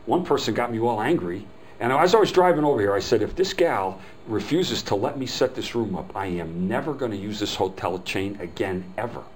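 An older man teaches a customer service seminar in a folksy, storytelling way. His voice sits fairly low, and he acts out the people he quotes. A faint hum of room noise runs under the recording. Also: animated, fairly quick, low-quality recording. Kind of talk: live seminar talk. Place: hotel meeting room.

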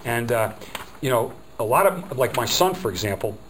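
A middle-aged phone skills trainer teaches a workshop in a rambling, chatty way, acting out quotes. His mid-range voice is expressive and fairly bright at a moderate pace, in a low-quality recording with a light hum behind.

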